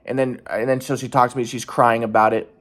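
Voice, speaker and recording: Fast-talking man, rambling and restarting. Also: medium pitch, flat delivery, fairly bright tone. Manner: repetitive, stumbling restarts, frank and profane. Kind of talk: rambling personal vlog monologue.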